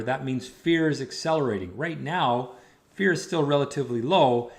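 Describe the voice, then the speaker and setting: A man hosting a weekly market analysis, steadily talking through charts with casual asides. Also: a little high.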